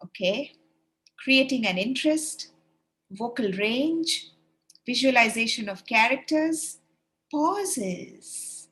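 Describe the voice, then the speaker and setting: A woman trainer speaks to teachers on an online webinar through a video call. Her voice sits a little high, and she talks at an unhurried, slow pace, cheering on the group's answers. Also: expressive, a bit bright. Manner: encouraging, demonstrates read-alouds.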